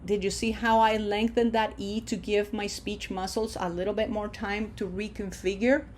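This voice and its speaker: A woman's voice: medium pitch, little pitch movement, a little mellow, slight background noise. A woman teaching a Spanish lesson, patiently leading conjugation drills and checking in with her students. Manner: slow, drawn-out model pronunciations; patient, encouraging, checks in with "okay?".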